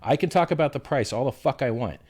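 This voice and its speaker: A man's voice: mid-range voice, expressive, fast talker, a little mellow. A man being interviewed on a livestream, combative and profane, who hurls insults while defending himself. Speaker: interview guest.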